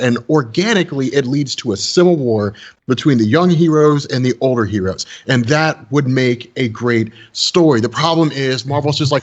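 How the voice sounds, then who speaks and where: A man's voice: mid-range voice, expressive, a little fast, muffled recording. A man on a comics podcast ranting bluntly, rambling and repeating words as he swears. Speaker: podcast co-host and comics video maker. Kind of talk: casual podcast rant.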